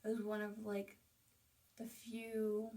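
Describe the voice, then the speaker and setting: A woman's voice: medium pitch, completely flat delivery, takes it slowly, warm tone, distant mic. A woman hosting a casual home vlog, talking chattily and enthusiastically at home as she shows things off. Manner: chatty, enthusiastic, with fillers and asides. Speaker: host. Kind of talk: casual home vlog, showing items to camera. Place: at home, indoors.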